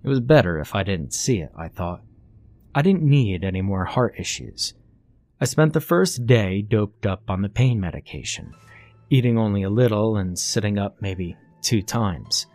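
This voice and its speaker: A man narrating a horror story in a low, hushed delivery. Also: expressive, moderate pace, no room sound. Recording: faint music underneath.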